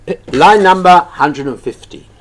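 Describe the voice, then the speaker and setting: A man's voice: high-pitched, lively intonation, measured pace. A man, a rabbi, teaching a text study lesson. He reads passages aloud, translates them, and asks questions that he answers himself.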